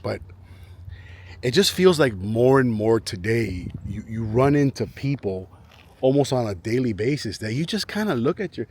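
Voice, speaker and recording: A vlogger chats casually to camera outdoors in a residential neighborhood, rambling and often repeating himself as he restarts sentences. His medium-pitched voice has a breathy edge.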